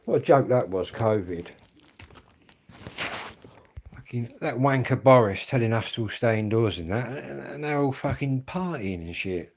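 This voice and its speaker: A man's voice: mid-range voice, lively intonation, moderate pace, gravelly, pauses often, a little mellow. An English man in his fifties ranting bluntly and swearing a lot in a live stream monologue. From England. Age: 50s. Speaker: livestreamer.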